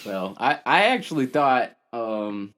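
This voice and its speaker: A man's voice: mid-range voice, lively intonation, slow, fairly bright tone. A man in casual chat as a tabletop game player, eagerly rattling off rules.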